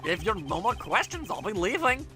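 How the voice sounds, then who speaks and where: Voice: medium pitch, normal speed, soft background music. Ein Sprecher leiht einer kühlen, herablassenden Zeugin in einem Videospiel die Stimme, mit flachem, verächtlichem Ton und einem misslungenen fremden Akzent. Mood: dismissive. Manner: flat, condescending, with a failed foreign accent. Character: cold, dismissive woman witness.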